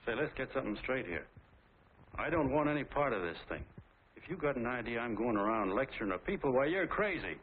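An actor voicing a stubborn blunt ballplayer, plain voice, tinny old-film sound. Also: male voice, mid-range voice, big pitch swings, fairly quick, a little hiss or hum, lightly acted. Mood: defiant. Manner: blunt and defiant. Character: plain-spoken reluctant ex-ballplayer, stubborn young man.

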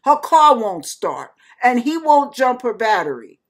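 A woman ministry host telling a personal testimony, animated, acting out the people in her story with frank asides to her listeners. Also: a little high, unhurried.

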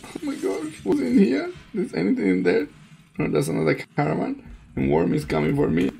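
Excitable, gravelly gamer voice. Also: mid-range voice, a little fast. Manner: excitable, panicky, laughs often. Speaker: gaming channel host. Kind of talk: gameplay commentary.

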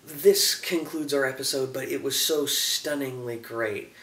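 A young man casually reviewing a TV episode, enthusiastic and acting out scenes in quick voices. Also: mid-range voice, fairly bright tone, distant mic, soft background music. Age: young adult. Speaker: show reviewer. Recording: echoey room, a bit off-mic, faint hiss.

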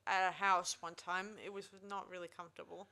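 A woman's voice: fairly low pitch, little pitch movement, brisk, pushed and bright. A woman hosting a film review podcast, recapping the plot in a rambling way and often restarting her sentences. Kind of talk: casual chat.

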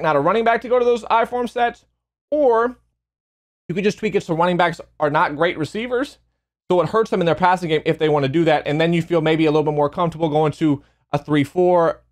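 A young man giving a casual, emphatic gameplay review as a gaming YouTuber, a little out of breath, often repeating and restarting phrases. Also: sits high. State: slightly out of breath.

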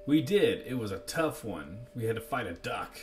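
A man's voice: on the low side, very animated, normal speed, far from the mic. Dude reading as a friendly upbeat cube guy, chipper, music faint behind. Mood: cheerful. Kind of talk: game dialogue read aloud.

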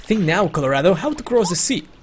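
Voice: mid-range voice, sing-song, quick pace, slight background noise, pitched above the performer's own voice, lightly acted. A let's player voicing a pompous, upper-class male explorer with plummy, old-fashioned phrasing. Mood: jaunty.

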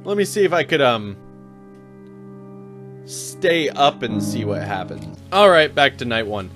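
A male let's-play host talks over a horror game, his mid-pitched voice bouncing widely up and down. He is quick to startle, swears freely and pokes fun at himself, with loud game music behind him. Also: big pitch swings. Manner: jumpy, swears a lot, self-mocking. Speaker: YouTube gameplay host. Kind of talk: casual let's-play commentary.

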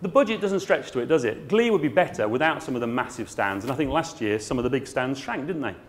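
A man's voice: medium pitch, animated, fast talker, slight background noise. A middle-aged man, a garden centre owner, giving a blunt, comic conference talk in an exhibition hall. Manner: blunt, comic, puts on voices.

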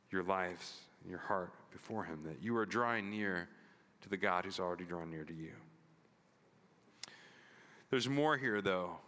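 A man's voice: on the low side, sharp tone. A man preaching a sermon as pastor, telling stories with acted-out dialogue and asking the congregation "right?". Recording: long hall reverb.

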